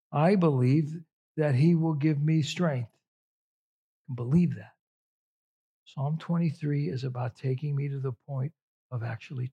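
A middle-aged pastor delivers a sermon in a slightly raised, husky voice. He speaks slowly and reflectively, pausing often between phrases. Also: on the high side, warm tone.

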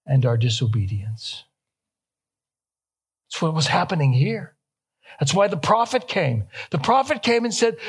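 A young male pastor delivers a sermon in a fairly high voice. He speaks slowly and deliberately, leaning on repeated phrases and lifting his voice with feeling when he reaches a question. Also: slightly rough. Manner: emphatic, repeating key phrases, rising to quoted questions.

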